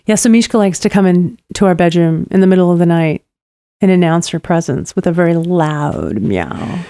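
A woman's voice: on the low side, lively intonation, normal speed, dark tone, dry recording, studio quality. A woman in her fifties co-hosting a podcast in casual chat, laughing often and swearing freely. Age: 50s. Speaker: podcast co-host.

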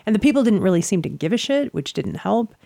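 A woman telling a story in casual chat, animated and swearing freely as she acts out what people said. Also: medium pitch, fast, gravelly, no echo, clean studio sound.

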